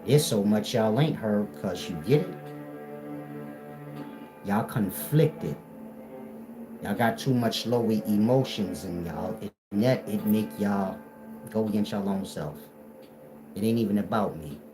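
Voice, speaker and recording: A man's voice: lowish voice, measured pace, pauses often, poor audio. Confrontational man lecturing over music. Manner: confrontational, lecturing, repetitive rhetorical questions. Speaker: spiritual teacher. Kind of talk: preaching monologue. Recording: music playing behind the voice.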